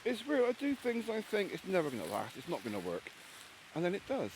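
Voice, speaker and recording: An English solo camper vlogs casually from rainy woodland, rambling bluntly about his camp and swearing freely. His voice is high-pitched, swoops wildly in pitch, and runs a little fast. Loud rain and background noise fill the outdoor recording.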